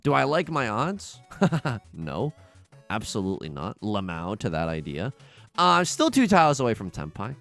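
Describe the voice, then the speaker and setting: A man commentating live on his own tile game, excitable and jokey, yelping at setbacks and muttering while he counts tiles. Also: lowish voice, normal speed, gravelly, faint music behind. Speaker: streamer playing a tile game.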